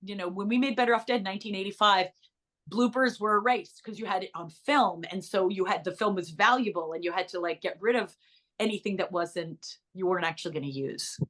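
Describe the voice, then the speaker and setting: A middle-aged woman chatting in an interview, bubbly and full of quick asides as she tells stories about her acting work. Her voice sits at an ordinary middle pitch. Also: fairly bright tone. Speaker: actress and author. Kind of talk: casual interview chat.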